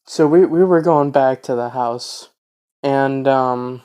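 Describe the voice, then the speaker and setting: A man's voice: medium pitch, takes it slowly, mellow, smooth. Rambling young man telling a story. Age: 20s. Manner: rambling, full of fillers and restarts. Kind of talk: casual spoken storytelling.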